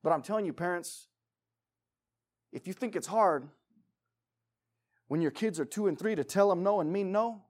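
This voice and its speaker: A man preaching a sermon as pastor, emphatic, swinging between loud urging and quiet pleading. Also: high-pitched, normal speed, pauses often.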